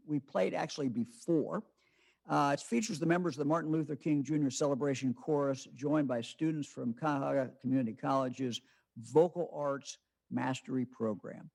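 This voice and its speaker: An older man in his seventies answering press questions as governor, halting with many fillers. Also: medium pitch, gravelly, a little mellow.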